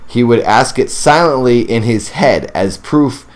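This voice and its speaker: A man's voice: medium pitch, expressive, unhurried. A man who hosts a ghost story show, reading a first-person account aloud and now and then breaking off to react. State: teary and sniffling. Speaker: host reading ghost stories. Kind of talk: story reading with excited asides.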